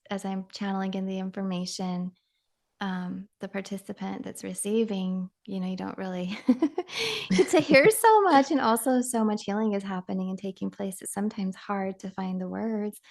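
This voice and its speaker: A woman's voice: mid-range voice, darkish tone. A woman hosting a spiritual podcast, bubbly and chatty. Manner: bubbly, chatty, laughs often. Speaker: podcast host and channeler. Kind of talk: casual podcast chat.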